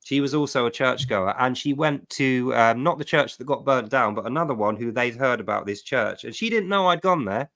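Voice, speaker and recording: A middle-aged man hosting a livestream, telling a personal testimony with emphatic, animated storytelling. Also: medium pitch, brisk, few pauses. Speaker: livestream host.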